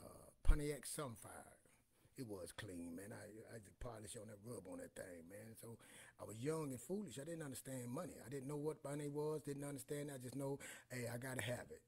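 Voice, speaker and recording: A man in his forties with a husky, breathy voice at an ordinary middle pitch talks through his past in a loose, rambling way. He keeps circling back with "you know what I'm saying" as he hosts a casual storytelling monologue. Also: a little mellow.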